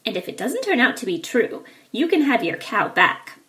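A sly, funny-looking old man from a storybook, put on by a woman reader. His voice is high and coaxing, stretched out slowly as if sharing a secret. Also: sing-song, bright, forceful tone. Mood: mysterious.

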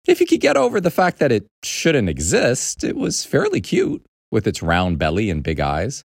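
A man reading a children's story aloud with an animated, expressive delivery. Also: medium pitch, normal speed, vocal fry, breathy edge, dry recording, studio quality. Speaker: narrator.

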